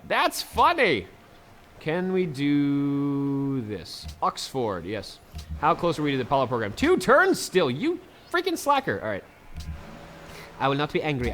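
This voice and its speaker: A man's voice: mid-range voice, fairly bright tone. A man casually commenting on his strategy game, chatty and laughing often, talking to the units on screen. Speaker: let's play gamer.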